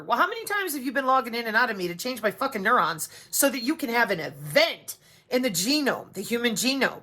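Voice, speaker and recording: A middle-aged woman rants straight to camera in a bright, sharp-edged voice set a little high. She is profane and sarcastic, and she swerves into mocking asides. Her delivery is animated and blunt. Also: brisk. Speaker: vlogger. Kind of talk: ranting monologue to camera.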